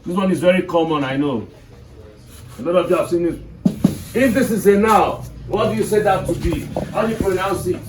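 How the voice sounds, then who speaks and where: Nigerian male teacher, fairly high voice, heard from across an echoey classroom; drills students with questions. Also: brisk. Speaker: English teacher. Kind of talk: classroom lesson. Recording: echoey classroom, mic far off, faint noise.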